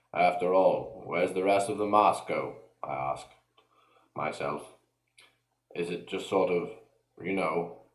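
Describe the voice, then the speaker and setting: A man's voice: deep voice, voice pushed down. A man voicing a gloomy, worried male toad who was once a man, muttering fretfully in an echoey room.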